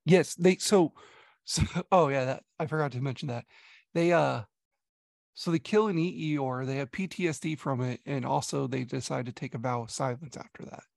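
A man chatting casually about a movie, rambling with lots of filler words and dropping into quick mock voices. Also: mid-range voice, vocal fry, a little mellow, no room sound. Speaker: podcast co-host reviewing a movie. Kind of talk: casual chat.

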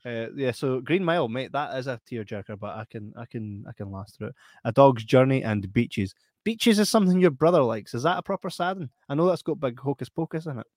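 A Scottish man chatting on a podcast, jokey and quick to laugh as he reads out viewer comments. His voice sits at an ordinary middle pitch. The sound is close and dry, with no room around it. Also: expressive, darkish tone, dry recording. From Scotland. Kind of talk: casual chat.

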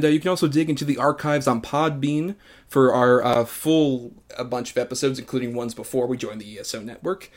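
A man with a mid-range voice hosts a podcast. He chats casually, easygoing and quick to laugh.

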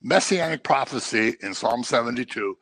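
Bright-voiced man preaching casually. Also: medium pitch, expressive, normal speed, no room sound, rough recording. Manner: chatty, joking asides and everyday anecdotes. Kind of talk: conversational sermon.

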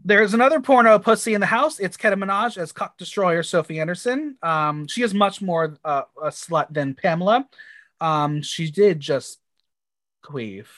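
A woman's voice: on the low side, moderate pace, a bit bright, no echo, clean studio sound. A woman from the United States co-hosting a podcast, recapping a TV episode in blunt, crude, playful chat with exaggerated reactions. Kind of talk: casual chat.

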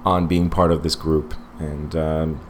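A man's voice: rumbling low, little pitch movement, unhurried, slight background noise. A man in his forties co-hosting a casual podcast movie review, rambling with many fillers and restarts. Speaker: podcast co-host.

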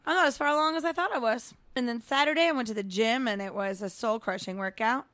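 A woman's voice: fairly high pitch, fast talker, a bit bright, no echo. A young adult woman co-hosting a podcast, telling stories casually and laughing often. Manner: giggly, storytelling, reads ad casually. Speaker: podcast co-host. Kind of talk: casual chat.

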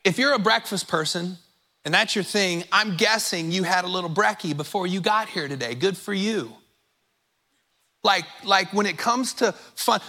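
Male pastor, high bright voice, chatty emphatic sermon delivery, slightly winded from pacing. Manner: conversational preaching with emphatic repetitions. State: a little out of breath from pacing. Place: church sanctuary.

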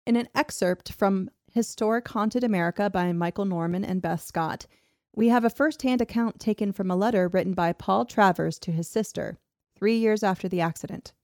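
A woman hosting a podcast, reading a ghost story from a script in a steady storytelling manner. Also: mid-range voice, no echo, clean studio sound. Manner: steady storytelling with laughs between. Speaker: podcast host. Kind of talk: reading a history script with banter.

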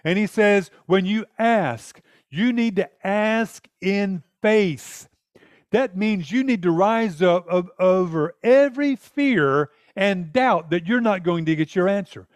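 A man's voice: sits high, expressive, takes it slowly, no echo, studio quality. A man preaching a sermon in an earnest, emphatic way, often acting out prayers.

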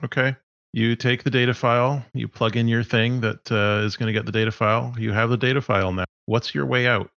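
A man narrating as game master in a tabletop game, relaxed and laughing along. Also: medium pitch, brisk, creaky, no room sound, dull audio.

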